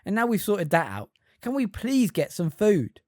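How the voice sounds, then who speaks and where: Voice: medium pitch, steady tone, fast talker, a little mellow, dry recording, studio quality, voice pushed up, lightly acted. A fan reader voicing a hungry, irritable teenage boy wizard with a whiny, snappish delivery. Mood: grumbling.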